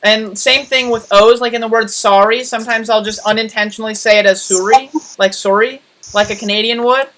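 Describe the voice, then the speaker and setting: A man's voice: sits high, flat delivery, quick pace, few pauses, bright, forceful tone, poor audio. A man hosting a casual voice call, rambling playfully and stretching his words. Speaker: YouTuber host. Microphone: computer mic on voice call.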